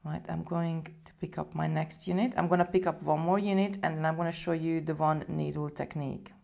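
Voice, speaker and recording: A woman's voice: sits low, fairly even intonation, brisk, creaky, a little mellow. A woman presenting a live beading tutorial, chatting casually and talking viewers through each step as she works. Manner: chatty, talks viewers through steps while working.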